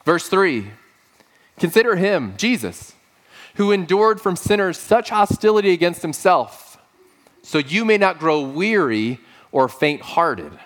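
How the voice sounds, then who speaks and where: A man delivering a sermon in a slightly high voice, his pitch leaping up for emphasis and dropping low for quiet asides. He mixes earnest preaching with deadpan humorous stories. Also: measured pace. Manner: humorous storytelling with deadpan quoted dialogue. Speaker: pastor.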